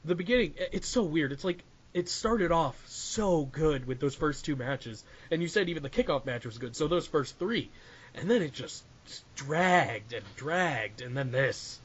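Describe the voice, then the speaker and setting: A man co-hosts in casual, emphatic chat. His voice is husky and slightly high. The recording is dull and lo-fi. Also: expressive, normal speed. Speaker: podcast co-host. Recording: dull lo-fi audio.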